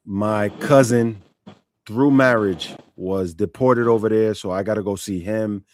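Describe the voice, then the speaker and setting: A man hosting a live stream, reading out viewer questions in a relaxed way with many fillers. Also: on the low side, measured pace, background noise. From United States. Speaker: stream host. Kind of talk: casual chat on a live stream.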